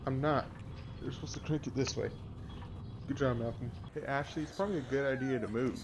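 A man giving let's-play commentary on a horror game, excitable and swearing, yelling at his companion character. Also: mid-range voice, fairly quick, muffled recording, slight background noise. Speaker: gamer playing a VR horror game.

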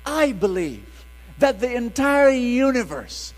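A middle-aged man, preaching a sermon in an animated call-and-response style. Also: on the high side, unhurried, long reverb tail, low-quality recording.

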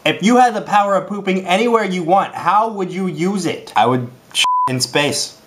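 A man's voice: high voice, animated, normal speed, very noisy. A young man co-hosting a comedy show, bantering goofily and reading fan questions aloud. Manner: jokey, sings silly jingles, reads fan questions. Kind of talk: goofy casual banter.

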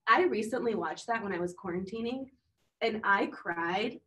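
Woman podcast co-host, animated storyteller, laughing a lot, a bit far from the mic. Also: medium pitch, moderate pace. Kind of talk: casual chat.

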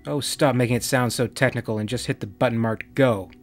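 A man's voice: medium pitch, fairly even intonation, a little fast, soft background music, lightly acted. A man reading the lines of a bossy, impatient woman officer from a comic parody, bluntly and in his own voice.

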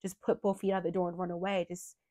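A woman's voice: fairly low pitch, little pitch movement, quick pace, warm tone, dry recording, clean studio sound. A young woman with a cold, sounding nasal, hosting a true crime channel and rambling in a heartfelt, filler-heavy way. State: sick with a cold. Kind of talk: casual emotional monologue.

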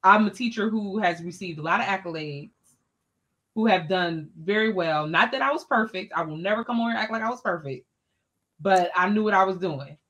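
Lady guest on a podcast, animated and expressive, talks super casual, mid pitch. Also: a little fast. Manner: animated, expressive, colloquial storyteller. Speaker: education scholar and interview guest. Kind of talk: personal storytelling in a podcast interview.

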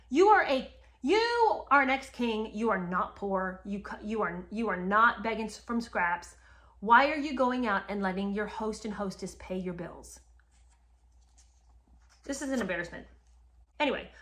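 A woman's voice: fairly high pitch, fairly bright tone. A woman casually retelling a history story to the camera, speaking straight to her viewers in an indignant, emphatic way. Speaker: history commentator.

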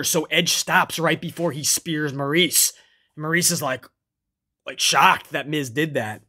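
A man's voice: a little high, fairly bright tone. A man recapping a wrestling show in casual commentary, swearing freely, tagging phrases with "man" and calling himself by name in the third person.

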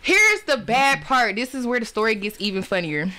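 Animated profane woman telling a story. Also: moderate pace. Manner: animated, profane, acts out quotes in a higher voice. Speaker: podcast guest. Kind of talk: casual storytelling.

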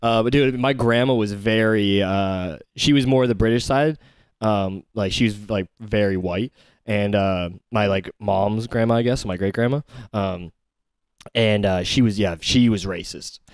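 A man's voice: fairly low pitch, a little slow, clear, resonant tone, no echo. Young guy hosting a podcast, swears a lot, lots of likes and ums, dry close mic. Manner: rambling, profane, filler-heavy. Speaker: podcast host. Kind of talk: casual comedic chat.

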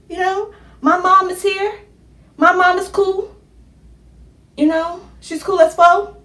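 Animated slangy young woman telling a story. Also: slow, long pauses, echoey room, distant mic. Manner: animated, slangy, acts out quotes in high excited bursts. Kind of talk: casual storytime vlog.

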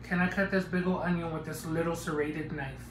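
A man's voice: fairly high pitch, fairly even intonation, fairly quick, roomy sound, noisy background. A man hosting a live cooking stream, chatting with viewers in a joking, playful way as he cooks in a home kitchen. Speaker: cooking livestream host. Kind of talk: casual live cooking chat.

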